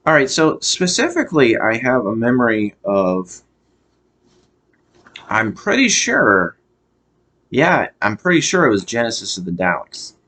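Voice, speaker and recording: An American man giving a casual review monologue, often pausing and restarting as he searches for words. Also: mid-range voice, sing-song, a bit bright. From United States. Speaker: show reviewer.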